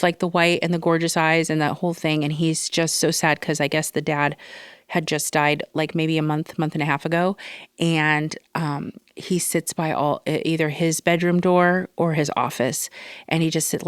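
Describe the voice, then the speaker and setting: A woman's voice: deep voice, clear, resonant tone, no room sound, studio quality. A woman hosting a solo podcast, chatting casually and rambling through stories with lots of fillers and quoted asides. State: recovering from respiratory infection. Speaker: podcast host.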